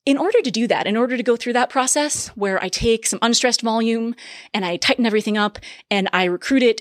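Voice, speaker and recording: A woman giving a recorded medical lecture, explaining physiology in a lively, conversational way with quick asides. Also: a little high, dry recording, studio quality.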